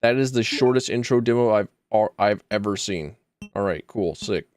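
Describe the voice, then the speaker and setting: A man's voice: lowish voice, expressive, moderate pace, darkish tone, no echo, studio quality. A man streaming a video game, chatting casually and rambling with jokey, self-deprecating asides. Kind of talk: casual gaming stream chat.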